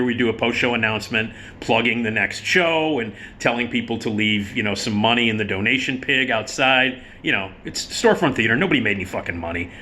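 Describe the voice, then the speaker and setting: A man telling a casual, profane theater story, animated and quick to laugh. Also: medium pitch, a little hiss or hum.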